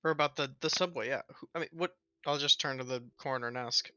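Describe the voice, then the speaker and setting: A man's voice: mid-range voice, fast talker, few pauses, pushed and bright, no room sound, muffled recording. A man playing a tabletop game, thinking aloud and steering the group decisively. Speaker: player.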